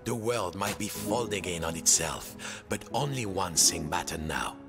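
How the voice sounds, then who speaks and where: Deep playful storybook narrator, man. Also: animated, unhurried, music in the background.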